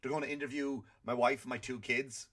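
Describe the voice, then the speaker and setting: A man's voice: medium pitch, steady tone, a little fast, a bit bright. A middle-aged man hosting a comedy podcast, ranting in an exasperated, profane way and acting out quotes. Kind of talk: comic rant.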